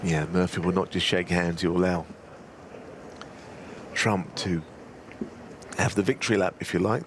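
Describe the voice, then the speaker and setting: Very deep-voiced man commentating live. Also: steady tone, measured pace, pauses often, noisy background. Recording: live arena feed with crowd.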